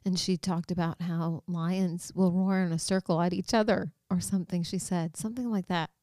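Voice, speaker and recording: Excited woman co-hosting a faith podcast. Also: lowish voice, dry recording, clean studio sound. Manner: excited storytelling, fast and expressive. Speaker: podcast co-host. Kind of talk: casual faith podcast chat.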